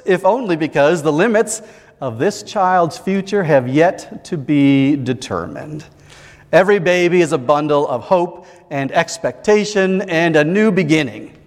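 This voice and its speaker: A male pastor preaching a sermon in a measured, reflective way, with deliberate pauses. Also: fairly high pitch, big-room sound.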